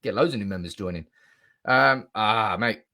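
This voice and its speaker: Excited man hosting a live stream. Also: on the low side, moderate pace. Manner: animated, swears a lot, reads out chat comments.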